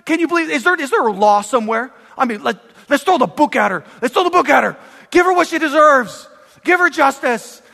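A man's voice: very high voice, measured pace, long reverb tail. A man acting out a furious ancient king who sputters and repeats himself, demanding punishment. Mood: outraged.

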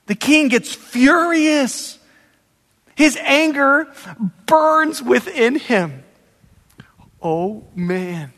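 Casting: conversational male preacher, high voice, long hall reverb. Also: a bit bright. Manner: emphatic, conversational preaching with acted-out examples. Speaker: pastor. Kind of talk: sermon.

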